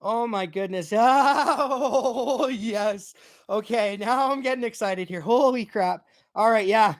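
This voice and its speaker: A man giving casual play-by-play of a hockey game as a fan, excitable and quick to swear, breaking into shouts when his team scores. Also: sits high. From Canada. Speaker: fan commentator. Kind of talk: casual play-by-play watch-along.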